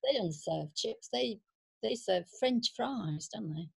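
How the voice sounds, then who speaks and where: A woman's voice: on the high side, lively intonation, takes it slowly, vocal fry, slightly rough, dry recording. A woman chatting on a podcast, asking lots of questions in a teasing, slightly hesitant way. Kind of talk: casual chat.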